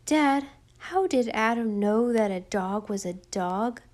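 A woman's voice: on the high side, expressive, takes it slowly, darkish tone. A woman reading an eager young boy.

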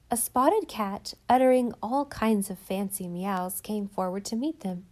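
A woman reading a storybook aloud as narrator, with a mid-range voice for a woman. Her delivery is measured and even, in the steady manner of scripted narration. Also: mid-range voice. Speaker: audiobook narrator.

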